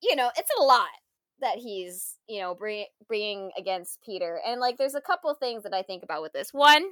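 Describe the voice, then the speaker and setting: A woman in casual conversation reviewing a film, animated and full of fillers and laughs. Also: mid-range voice, normal speed, no room sound, clean studio sound.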